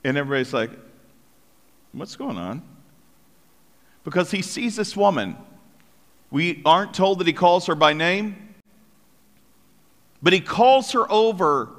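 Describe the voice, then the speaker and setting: High-voiced pastor preaching in a reverberant hall. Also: male voice. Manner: animated, acts out voices of characters. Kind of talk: sermon.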